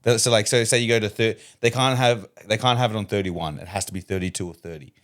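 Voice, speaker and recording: A man's voice: on the low side, fast talker, fairly bright tone. A young man co-hosting a podcast in casual chat, rambling with lots of filler words and frequent laughter. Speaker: podcast co-host.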